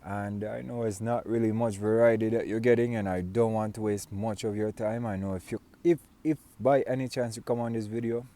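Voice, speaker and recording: A man's voice: on the low side, fairly even intonation, fairly quick, few pauses, dark tone. A man from Syria telling a personal story to camera, rambling with fillers and restarts. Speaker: vlogger.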